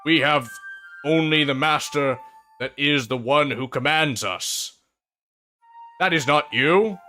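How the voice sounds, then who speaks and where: A man's voice: a little high, slow pace, bright, forceful tone, faint music behind, voice pushed up. A man doing pompous stone golem guards. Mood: haughty. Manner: stiff, formal.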